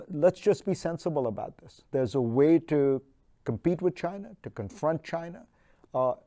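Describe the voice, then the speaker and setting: A man as featured speaker at an online town hall, answering questions in a measured, thoughtful way with frequent restarts and fillers. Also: on the high side, dark tone.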